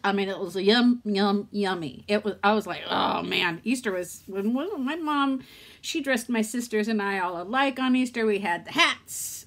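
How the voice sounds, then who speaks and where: A woman's voice: on the high side, measured pace. A middle-aged woman talking candidly to her vlog audience, rambling and talking herself through a hard day while near tears. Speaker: vlogger. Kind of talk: casual vlog talk.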